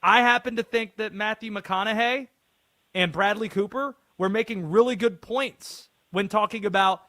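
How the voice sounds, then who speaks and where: A man's voice: sits high, normal speed, pushed and bright, no room sound. A man hosting a call-in sports radio show, playful with a mock-grand patter.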